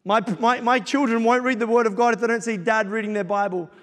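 A middle-aged man gives a sermon as pastor, his fairly high, fairly bright voice steady in tone and quick in pace. He drives his points home with repeated exhortations, echoing with the long reverb of a large church hall.

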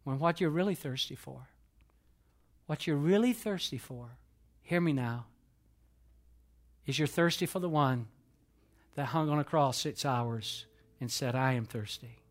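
A male pastor preaching a sermon in a large dark auditorium, swinging from loud emphatic lines to hushed ones. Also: a little high, unhurried, long pauses.

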